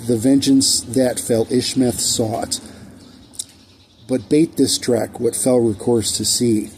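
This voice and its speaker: Male poet, mellow low-toned voice, slow archaic verse recitation, faint traffic hum behind. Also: poor audio. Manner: measured recitation in archaic diction, with restarts. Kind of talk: reading his own rhyming poetry aloud.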